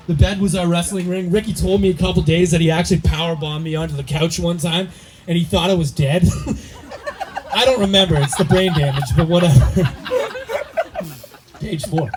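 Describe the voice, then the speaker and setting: A young man giving a rambling, joking wedding toast for his brother, slightly tipsy and laughing often as he talks into a handheld mic. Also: high-pitched. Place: wedding reception party. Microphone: handheld microphone. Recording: noisy party crowd. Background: crowd chatter and laughter.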